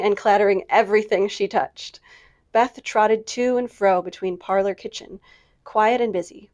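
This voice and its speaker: A woman librarian narrating a classic novel aloud in an expressive, measured storytime reading. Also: mid-range voice.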